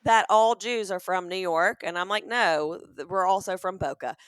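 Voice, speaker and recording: A woman comedian from Alabama co-hosting a comedic podcast, riffing jokes quickly and acting out dialogue. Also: lowish voice, clean tone, no room sound. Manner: quick joking riffs, acts out dialogue. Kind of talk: casual comedic chat.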